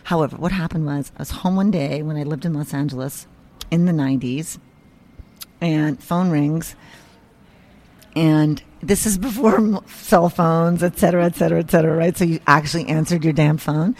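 A woman guest in an interview, telling a story in a casual, animated way, swearing freely and acting out the voices of people she quotes. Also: deep voice, moderate pace.

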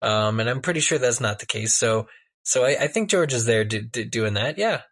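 A podcast co-host chats casually, his medium-pitched, fairly bright voice expressive at a normal speed. He rambles, restarts often and laughs easily.

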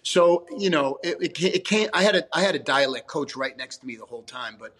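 A man's voice: a little high, lively intonation, a little fast, a bit bright, husky. A man, an actor guest talking casually in an interview, rambling with restarts and frequent swearing. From New York, USA.

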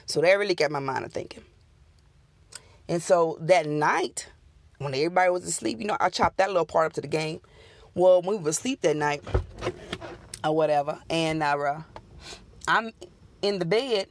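A woman's voice: deep voice, moderate pace, long pauses. A woman on her podcast telling a true ghost story in a casual, folksy way, talking straight to her listeners.

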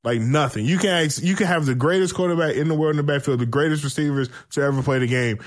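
A man chatting casually about football, animated and profane, telling stories and laughing often. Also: a little high, quick pace. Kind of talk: casual sports chat.

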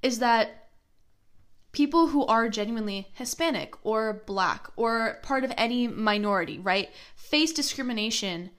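Incredulous woman co-host, slightly high voice. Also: a little slow, fairly bright tone. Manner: incredulous, reactive interjections. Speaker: podcast co-host. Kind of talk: casual pop culture gossip chat.

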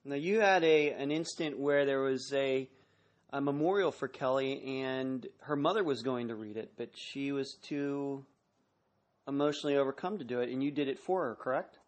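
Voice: mid-range voice, moderate pace. A radio host interviewing a guest, with short supportive prompts and questions.

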